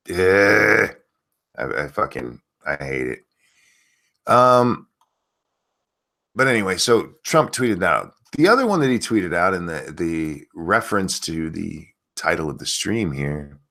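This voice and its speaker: A man hosting a casual livestream, ranting with a lot of profanity and reading viewer comments aloud. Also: vocal fry. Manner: lively pitch, mocking voices. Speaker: streamer host.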